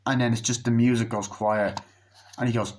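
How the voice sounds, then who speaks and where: A man's voice: medium pitch, steady tone, moderate pace. A man giving a casual, rambling film review, swearing freely and losing his train of thought. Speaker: movie reviewer.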